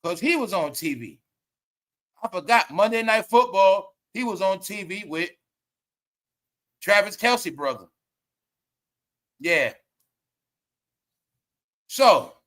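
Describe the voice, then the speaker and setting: High bright-voiced man laughing through commentary. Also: slow pace, pauses often. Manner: laughs often, slangy, profane, animated storytelling. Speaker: commentary livestream host. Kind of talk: casual commentary.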